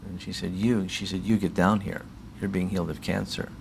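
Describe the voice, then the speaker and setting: A man giving a personal testimony in an interview, telling his story as an animated storyteller who acts out the voices of others. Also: sits low, brisk, gravelly, slight background noise. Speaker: faith healer telling his story as a guest.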